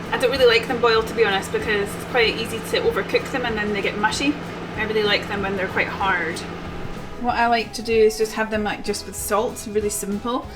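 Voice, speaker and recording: A young Scottish woman with a fairly high voice talks casually while she cooks, explaining things as she goes. She is recorded on a camera mic inside a small boat cabin, which sounds roomy. Music plays clearly behind her. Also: a bit bright. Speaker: vlogger. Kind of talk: casual vlog chat while cooking. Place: small narrowboat cabin kitchen.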